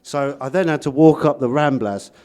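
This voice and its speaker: A man's voice: medium pitch, moderate pace, darkish tone. A man telling a crude, self-mocking comic story on a radio talk show. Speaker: comedian guest. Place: radio studio.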